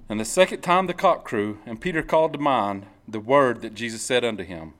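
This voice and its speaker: A man's voice: medium pitch, animated, a bit bright. Conversational male preacher reading scripture. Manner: conversational, repeats phrases, reads scripture slowly. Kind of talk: informal sermon. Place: church service.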